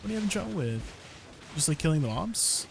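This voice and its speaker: A man's voice: fairly high pitch, sing-song, quick pace, creaky. A young man chatting casually with his viewers on a live stream, laughing often between questions. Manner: giggly, chatting with viewers while gaming. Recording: faint background noise.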